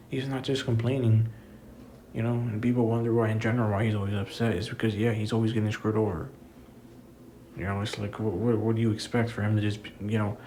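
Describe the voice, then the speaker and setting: A young man rants through a wrestling review in a fairly low voice, swearing often and circling back to the same complaints. His exasperated delivery keeps returning to casual asides. A faint hiss sits under the recording. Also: a little mellow. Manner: profane, exasperated, repetitive. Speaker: wrestling commentator. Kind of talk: ranting review.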